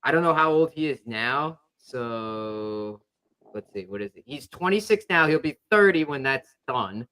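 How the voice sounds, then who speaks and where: A man's voice: mid-range voice, animated, measured pace, pushed and bright, clear, resonant tone. A young man hosting a podcast, telling a rambling sports story in casual chat with lots of fillers. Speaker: podcast host.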